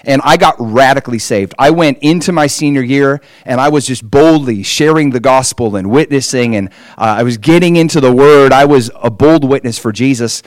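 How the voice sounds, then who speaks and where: A man's voice: medium pitch, moderate pace, few pauses, dry recording. A man preaching a personal testimony as a story, with emphatic rises in his delivery.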